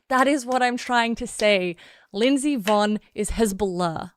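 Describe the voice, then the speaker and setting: A woman's voice: fairly high pitch, unhurried, no room sound, studio quality. An Australian woman doing casual political commentary on a stream, blunt and sarcastic, often laughing.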